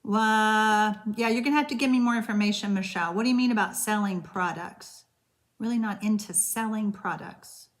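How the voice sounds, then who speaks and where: A woman's voice: medium pitch, moderate pace. A woman hosting a live-streamed card-making class, chatting loosely with viewers and answering their comments, with frequent hesitations.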